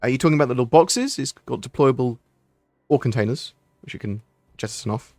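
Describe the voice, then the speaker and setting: A man's voice: mid-range voice, a little fast, a little mellow, dry recording, soft background music. A man hosting a casual livestream Q&A, answering chat questions in a rambling, chatty way with frequent ums and restarts.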